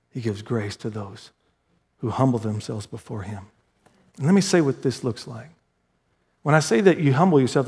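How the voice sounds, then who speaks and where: A man preaching a sermon, telling stories with emphatic repetition and rising to forceful exclamations. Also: high-pitched. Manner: animated storytelling, emphatic repetition. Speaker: pastor.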